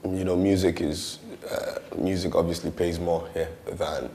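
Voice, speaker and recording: Low-voiced Nigerian man in relaxed interview. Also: a little slow, a little hiss or hum. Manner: relaxed, many "you know" fillers, mixes in Yoruba. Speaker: musician and actor interviewee. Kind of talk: casual interview.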